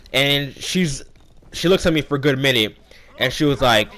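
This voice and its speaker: Young man, bright forceful voice, casual storytime, rambling, acts out dialogue. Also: medium pitch, moderate pace. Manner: rambling, animated retelling with quoted dialogue. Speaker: vlogger.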